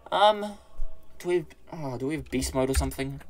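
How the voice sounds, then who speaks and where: A gaming channel host narrates his own let's play with excitement, exclaiming, swearing and rambling while correcting himself. His voice is medium-pitched and his pace brisk.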